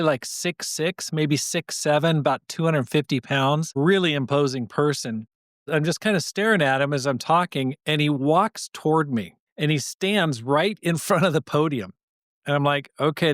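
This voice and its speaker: A man's voice: on the high side, dry recording, studio quality. A man hosting a podcast, telling a story from his time as a pastor and acting out the voices of the people in it. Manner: animated storyteller, acts out quoted voices.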